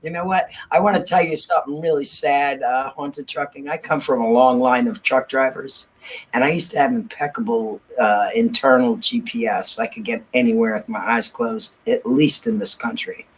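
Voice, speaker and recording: A woman's voice: very deep voice, animated, moderate pace, husky. A woman co-hosting a casual podcast chat, laughing often and poking fun at herself. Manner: laughs often, self-deprecating. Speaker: podcast co-host.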